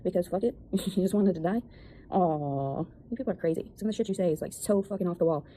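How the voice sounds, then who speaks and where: A woman's voice: lowish voice, fast talker, warm tone, dry recording, rough recording. A woman talking in a rambling, defensive monologue about her life and critics. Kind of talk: casual video monologue.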